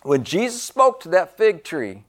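Preacher guy, kinda high voice, slow and drawn out, repeats stuff, goes loud then quiet. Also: very animated. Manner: emphatic, repeats phrases, swings from loud to hushed. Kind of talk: sermon.

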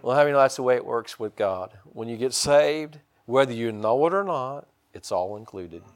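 A middle-aged man preaching a sermon, folksy and rambling, with many restarts and sudden high, loud bursts of excitement. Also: moderate pace. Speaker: pastor.

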